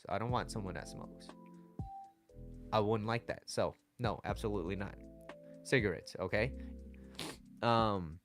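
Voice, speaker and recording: A man's voice: medium pitch, a bit bright. Man giving casual relationship advice. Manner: conversational, often checks in with "right?" and "okay?". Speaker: dating and relationship coach. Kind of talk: casual livestream talk to viewers.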